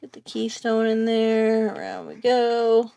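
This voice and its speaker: A woman's voice: a little high, little pitch movement, takes it slowly, gravelly, dark tone, clear, resonant tone. A woman hosting a casual live drawing tutorial, chatty and rambling as she thinks aloud while she draws. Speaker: art tutorial host.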